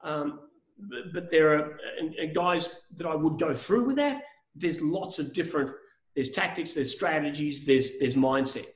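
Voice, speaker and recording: High-voiced coach in an echoey room. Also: male voice, a little slow. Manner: energetic, acts out phone calls, frequent restarts. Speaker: business coach. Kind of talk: seminar teaching.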